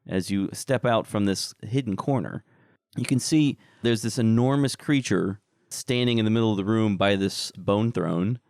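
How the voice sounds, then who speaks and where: A man's voice: on the low side, normal speed, a little mellow, no echo, clean studio sound. A man narrating as game master in a casual, descriptive way.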